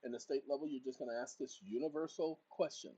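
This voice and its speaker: Husky-voiced man barking at an assistant. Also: fast, low-quality recording. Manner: talks to a voice assistant in bursts, then explains to viewers; shouts commands, then drops to a low aside. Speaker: channel host. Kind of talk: casual screen-share walkthrough.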